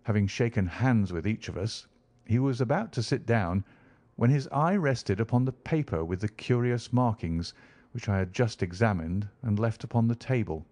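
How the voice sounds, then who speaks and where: A man narrates a classic story in an even, measured manner. His voice is fairly low. The recording is dry and close to the mic. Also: no room sound. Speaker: audiobook narrator. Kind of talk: scripted narration.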